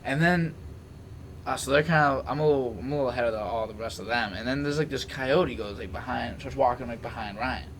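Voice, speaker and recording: A young man hosting a podcast, chatting casually and telling slangy stories about friends, now and then mimicking them in loud bursts. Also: medium pitch, brisk, a little hiss or hum, low-quality recording. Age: young adult. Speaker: podcast host. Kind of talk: casual chat.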